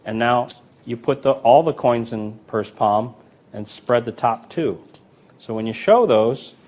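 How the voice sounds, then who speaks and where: An unhurried man with a mid-range voice teaches a coin sleight-of-hand routine in a casual way. He keeps a count of the coins out loud as he demonstrates, and his relaxed, conversational delivery includes stories of older magicians with their quotes acted out.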